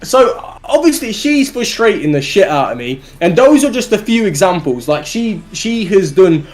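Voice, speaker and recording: A man with a British accent telling a story on a livestream, animated and swearing, often laughing as he goes. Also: high-pitched, moderate pace. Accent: British English. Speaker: live streamer.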